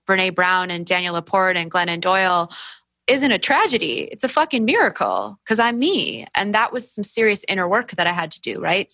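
Woman, lowish voice, earnest author guest, dry close mic. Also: sharp tone, no room sound. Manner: earnest and heartfelt, some swearing. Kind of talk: candid interview talk.

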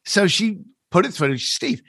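Man, fairly high voice, swings pitch widely, acts out other people as he tells a story, dry close sound. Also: very animated, normal speed, a bit bright, dry recording. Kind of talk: conversational storytelling.

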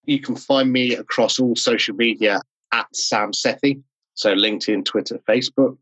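A man's voice: mid-range voice, fairly even intonation, fairly bright tone, dry recording, low-quality recording. A man talking on a video call interview, enthusiastic and explanatory. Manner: enthusiastic, explanatory, quick asides. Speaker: podcast host and interview guest. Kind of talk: casual interview talk.

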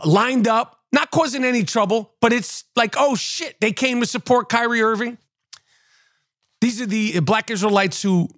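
Profane, high-voiced New man ranting. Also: no room sound, clean studio sound. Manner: profane, emphatic, mocking. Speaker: podcast host. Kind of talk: casual rant.

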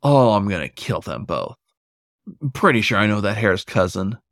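A man's voice: lowish voice, very animated, moderate pace, a bit bright, no echo, clean studio sound. A man voicing an anxious, bratty male wolf with a snappy, barking way of talking. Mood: angry.

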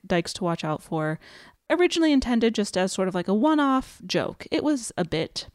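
A woman co-hosting a podcast, chatting casually and backing up her partner with quick affirmations. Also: medium pitch, darkish tone, clean tone, no room sound, studio quality. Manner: supportive, frequent short affirmations. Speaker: podcast co-host.

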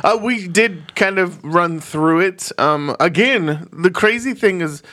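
Chill guy rambling on a movie podcast, bit high voice, laughs a lot. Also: slow, sharp tone. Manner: laid-back, rambling, laughs often. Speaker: podcast co-host. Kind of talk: casual chat.

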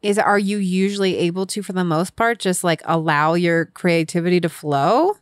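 A woman hosting an interview, talking in a chatty, animated way with lots of fillers. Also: lowish voice, moderate pace, no echo, studio quality. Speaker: podcast host. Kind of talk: casual interview chat.

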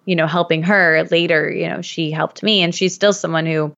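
Her voice sits on the low side, steady in tone and creaky yet fairly bright, moving at normal speed. She is a chatty Michigan woman in her thirties, a podcast guest telling rambling stories with many fillers in casual conversation, recorded with slightly muffled sound.

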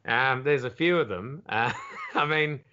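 Australian comedian spinning sweary stories. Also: male voice, medium pitch, unhurried, highs cut off, slight background noise. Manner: lively anecdotes, swears freely, slips into voices. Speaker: comedian guest. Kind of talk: casual podcast chat, storytelling.

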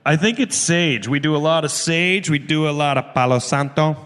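A man co-hosting a live comedy podcast, telling stories with animated acted-out quotes. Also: a little high, moderate pace, slight background noise. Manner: animated storytelling, acting out quotes. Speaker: podcast co-host. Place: live stage before an audience. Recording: reverberant live venue.

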